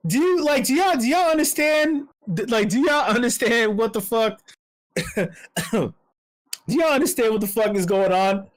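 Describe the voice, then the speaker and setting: A speaker at a community meetup, ranting with lots of swearing, repeating words and swinging between high and low pitch. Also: expressive, measured pace, pauses often, low-quality recording. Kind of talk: profane ranting commentary.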